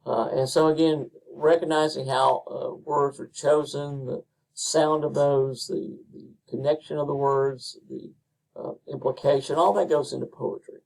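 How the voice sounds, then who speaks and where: A male instructor giving an unhurried recorded lecture, with frequent ums and uhs. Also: fairly high pitch, flat delivery, vocal fry, darkish tone, far from the mic, rough recording.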